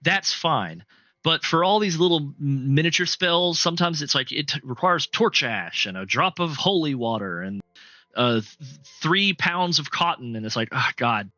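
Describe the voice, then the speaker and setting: A man's voice: fairly high pitch, lively intonation, moderate pace, bright, forceful tone, no room sound, lo-fi sound. A man acting as game master on a live-streamed tabletop game, talking casually with lots of fillers and easy laughs. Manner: rambling, heavy with fillers, laughs often.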